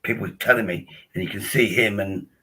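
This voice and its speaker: A man's voice: on the low side, fast talker, bright, forceful tone, slightly rough, poor audio. A man hosting his own livestream, chatting in a rambling way with bawdy jokes. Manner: rambling, restarts a lot, bawdy humour. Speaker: livestream host. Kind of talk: casual livestream chat.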